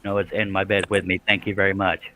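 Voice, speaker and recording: A man's voice: deep voice, level tone, fast, background noise. A man hosting a woodworking live stream, chatting casually and joking with his co-hosts. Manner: jokey, laughing easily, drawling "y'all". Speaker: scroll saw pattern designer hosting a live stream.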